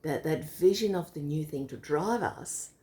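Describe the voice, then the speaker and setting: A woman with a lowish, mellow voice talks through an idea in a relaxed bedtime chat. She explains step by step with a visual demo and laughs easily. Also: normal speed. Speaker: co-host. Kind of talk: casual bedtime reflection chat.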